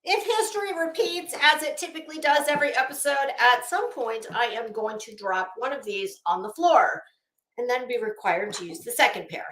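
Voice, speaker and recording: A woman's voice: sits high, pushed and bright. A woman hosting a casual livestream, chatty and rambling, greeting viewers by name. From Florida. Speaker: livestream host. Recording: echoey room.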